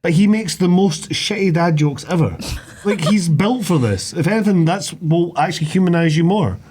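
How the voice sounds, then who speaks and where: Lively-voiced man, sweary podcast chat. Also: fairly high pitch, normal speed, slight background noise. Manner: sweary, self-mocking, recaps the plot. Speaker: podcast co-host. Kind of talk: casual chat.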